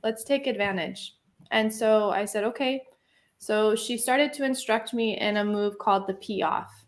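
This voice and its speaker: A woman's voice: on the high side, moderate pace. Woman guest chatting away, lots of ums and likes, laughs a lot. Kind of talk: casual storytelling.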